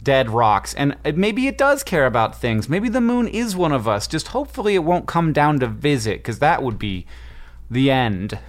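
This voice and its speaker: A man co-hosting a podcast who reads listener letters and banters in a playful, quick way. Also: medium pitch, big pitch swings. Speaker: podcast co-host. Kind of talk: casual chat and reading listener questions.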